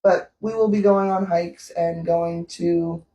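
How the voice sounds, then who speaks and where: This vlog co-host from Canada speaks slowly in a mellow voice on the low side, with fairly even intonation, laughing often as she tells a casual story. The sound is roomy and echoing, and she's distant from the mic.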